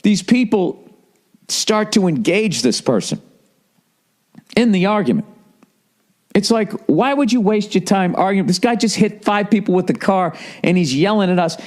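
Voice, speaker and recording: A man's voice: sits high, lively intonation, normal speed, long pauses. A male comedian and podcast host telling a story in a casual monologue, profane, ranting and incredulous.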